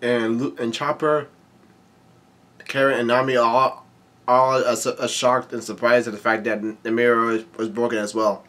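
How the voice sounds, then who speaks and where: A man casually reading a manga aloud and commenting on it, halting often with fillers and restarts. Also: medium pitch, level tone, a bit bright.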